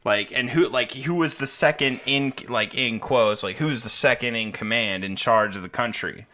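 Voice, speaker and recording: Young man, podcast co-host, bright voice, casual, swears a lot. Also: medium pitch, moderate pace. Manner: rambling, profane, full of fillers. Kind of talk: casual chat.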